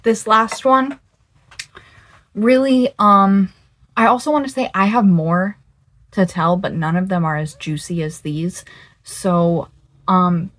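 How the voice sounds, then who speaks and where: A young woman in her twenties telling a dating story to the camera in a casual, animated way, stretching words for emphasis and swearing in disbelief. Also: fairly low pitch. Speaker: vlogger.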